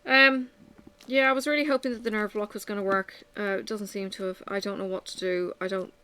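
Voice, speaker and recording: Female vlogger, bright voice, unfiltered venting chat at home. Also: mid-range voice, fairly even intonation, fairly quick, clear, resonant tone. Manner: candid, venting, sighing. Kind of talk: casual chat while crafting.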